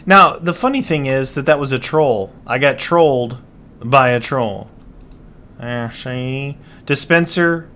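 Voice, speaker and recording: A man with a mid-range, somewhat bright voice hosts a gaming channel and gives casual let's-play commentary against slight background noise. He is dismayed, and keeps exclaiming and muttering to himself while he plays.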